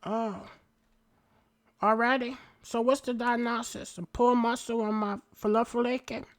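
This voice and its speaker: A woman's voice: a little high, flat delivery, measured pace, close to an everyday voice. A woman playing a brash, crude-talking male street hustler in a game role-play, full of slang and jokes. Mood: joking, crude.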